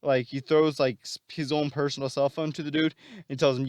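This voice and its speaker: A man casually telling a story plot in a rambling way, full of fillers and restarts. His voice sits a bit high, and the recording is dry and close with no room sound. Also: little pitch movement, brisk, no room sound.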